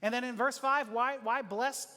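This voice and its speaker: High-voiced man preaching in a reverberant hall. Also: moderate pace. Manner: conversational, animated, laughs often, acts out quoted speech. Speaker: pastor. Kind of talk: sermon. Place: church auditorium.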